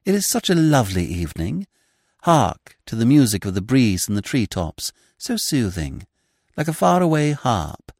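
A man's voice: mid-range voice, sing-song, moderate pace, darkish tone, no room sound, clean studio sound. A man voicing a sentimental middle-aged woman poet who fusses effusively over her companion. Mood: gushing. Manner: effusive, fussy, falsely solicitous.

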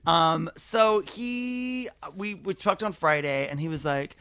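A man hosting a show, telling a story in a casual, animated and profane way. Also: a little high, unhurried, smooth, no echo. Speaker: podcast host. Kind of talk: casual chat.

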